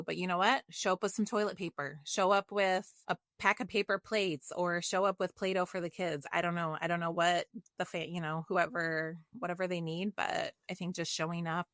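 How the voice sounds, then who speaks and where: A middle-aged woman talks openly and with feeling as a podcast guest. Her voice is bright and forward, with a gravelly fry at the bottom, and it sits a little low for a woman. The sound is close and dry. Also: no room sound. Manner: open, emotional, reflective storytelling. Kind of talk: casual conversation.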